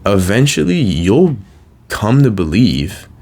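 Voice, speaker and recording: A young man with a very low, deep voice talks loosely to the camera. He rambles in a slangy, offhand way, joking with himself as he goes. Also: sing-song, slow, darkish tone. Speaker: vlogger. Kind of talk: casual mindset monologue.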